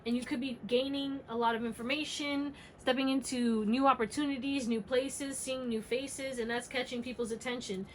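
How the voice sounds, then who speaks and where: A woman's voice: high-pitched, fairly even intonation, normal speed, hardly any pauses, slight background noise, low-quality recording. A woman doing a casual tarot reading, talking bluntly and emphatically and swearing freely. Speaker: tarot reader.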